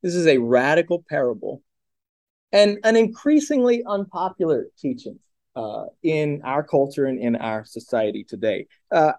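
High-voiced pastor preaching animatedly. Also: male voice, normal speed, no echo, clean studio sound. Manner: animated storytelling with rhetorical questions. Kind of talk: sermon.

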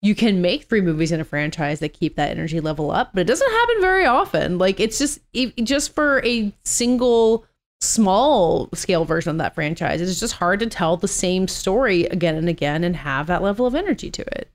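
A woman with a somewhat low voice talks through film ideas on a podcast. Her delivery is fluent and explanatory. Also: animated, moderate pace. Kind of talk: casual chat.

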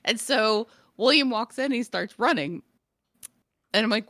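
A woman co-hosting a casual podcast who tells parenting stories fast and bluntly, swearing freely. Her voice is bright and swings widely in pitch. The recording is dry and close. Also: animated, dry recording. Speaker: podcast co-host. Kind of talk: casual chat.

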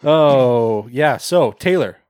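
A man's voice: mid-range voice, lively intonation, slow pace, a little mellow, clear, resonant tone, no room sound. Rambling, laughing male podcast host. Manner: rambling, profane, laughs often. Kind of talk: casual chat.

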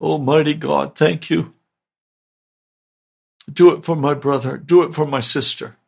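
Man, radio preacher, fervent pleading prayer, husky voice, fairly high pitch, faint music behind. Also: steady tone, unhurried.

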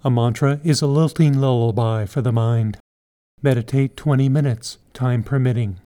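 A man giving scripted meditation instructions in a slow, even, calm way. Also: mid-range voice, smooth.

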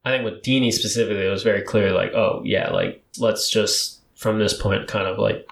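A young man chatting casually as a podcast guest, telling a rambling, animated story full of fillers. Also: on the low side, brisk, vocal fry. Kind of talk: casual chat. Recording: roomy echo.

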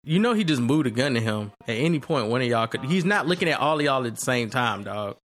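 Lively, laughing man reacting to a movie. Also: mid-range voice, fast. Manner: laughing, swearing, animated banter. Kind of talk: casual movie reaction commentary.

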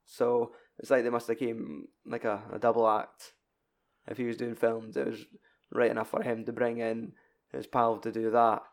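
A man's voice: mid-range voice, little pitch movement, moderate pace. Chatty man hosting a podcast. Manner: rambling, chatty, self-correcting. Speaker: podcast co-host. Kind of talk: casual chat.

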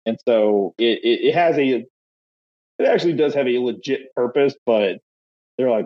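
A man's voice: medium pitch, lively intonation, normal speed, no room sound, dull audio. A man co-hosting a casual podcast, a baseball coach telling jokey stories about his drills. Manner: joking storyteller. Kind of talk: casual chat.

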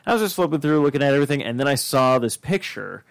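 A man's voice: on the high side, expressive, fast, creaky, no room sound. Man telling a rambling con story. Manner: rambling, many fillers and restarts; acts out quoted dialogue. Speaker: podcast host. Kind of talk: casual storytelling chat.

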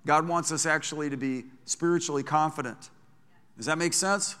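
A male pastor delivers a sermon in a bright, forceful voice pitched a little high, with a clear, resonant tone. He speaks conversationally and animatedly, restarting quickly and often. A long reverb from a large church hall surrounds the sound.

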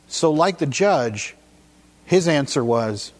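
A man with a slightly high voice preaches a sermon to his congregation. He carries the listeners along with a story, slowing down and speeding up for emphasis. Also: animated. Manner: storytelling, shifting pace and emphasis.

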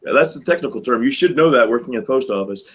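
A man co-hosting a podcast, chatting casually and telling rambling stories, slipping into quick mimicry of the people he quotes. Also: medium pitch, expressive, breathy edge. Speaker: podcast co-host. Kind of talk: casual chat.

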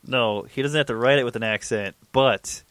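A man hosting a casual sports podcast, relaxed and teasing, laughing often. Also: medium pitch, moderate pace, no room sound. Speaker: podcast host. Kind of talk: casual chat.

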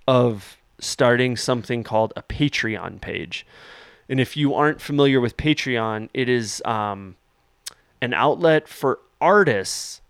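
A man's voice: mid-range voice, smooth, no echo. Male podcast host, casual chat, joking, swears, dry close sound. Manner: loose and joking, swears, laughs often.

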